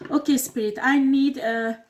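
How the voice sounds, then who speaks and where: Woman, tarot reader, blunt, emphatic, slightly high voice. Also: fairly even intonation, measured pace, a little hiss or hum. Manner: blunt, emphatic, swears when upset. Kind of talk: tarot reading video.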